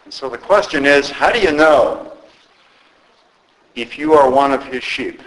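A man's voice: mid-range voice, expressive, fairly bright tone, poor audio. Earnest man preaching a sermon. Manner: earnest, halting with repeated restarts. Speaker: pastor.

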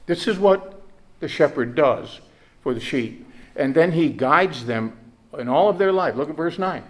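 A man's voice: on the high side, lively intonation, unhurried, a little hiss or hum. A male pastor preaching a sermon in earnest, often repeating words and rising to emphatic peaks.

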